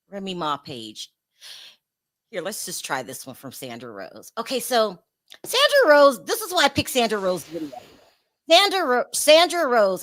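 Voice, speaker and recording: A woman hosting a casual online celebrity gossip show, chatty and quick to laugh, often restarting her sentences. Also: fairly high pitch, a bit bright. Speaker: show host.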